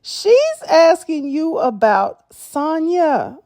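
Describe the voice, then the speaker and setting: Slow-talking, animated woman host. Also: high-pitched, no room sound, studio quality. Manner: expressive, exclaiming, laughing often. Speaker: reaction video host. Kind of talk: casual reaction commentary.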